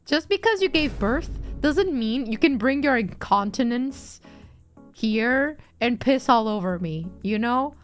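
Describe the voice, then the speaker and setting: Playful high-voiced young woman streamer. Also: animated, a little slow. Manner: playful, teasing, laughs often. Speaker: streamer reading chat. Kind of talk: casual chat stream. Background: faint background music.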